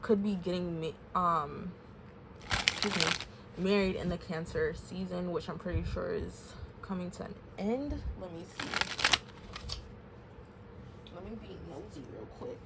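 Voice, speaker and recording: A woman's voice: lowish voice, unhurried, very noisy. A woman giving a casual tarot reading, talking openly and emotionally to her viewers with many fillers. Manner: candid, emotional, chatty with fillers. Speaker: tarot reader.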